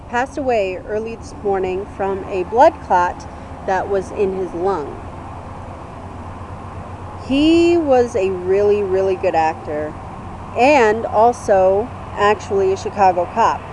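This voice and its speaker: A woman's voice: mid-range voice, a little mellow, a little hiss or hum, rough recording. A woman in her twenties talking casually to camera, telling an earnest, rambling story with fillers. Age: 20s. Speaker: vlogger. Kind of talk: casual tribute vlog.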